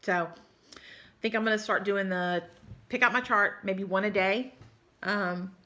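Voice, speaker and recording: Tired, chatty Texan woman with a bright voice. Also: mid-range voice, measured pace. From South Texas. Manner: rambling, chatty, apologetic, says y'all often. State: tired and yawning. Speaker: cross-stitch vlogger. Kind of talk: casual chat to viewers.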